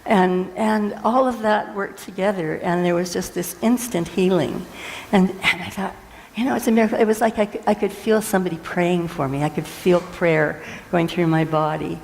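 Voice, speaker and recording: A woman minister telling a story in a sermon, earnest and animated, with frequent restarts. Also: lowish voice, normal speed, gravelly, in a large hall, slight background noise, low-quality recording. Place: church sanctuary.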